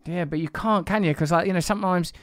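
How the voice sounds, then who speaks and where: A man's voice: high-pitched, fast talker, smooth, dry recording, clean studio sound. A man, hosting a casual, reflective conversation. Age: 40s. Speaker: host.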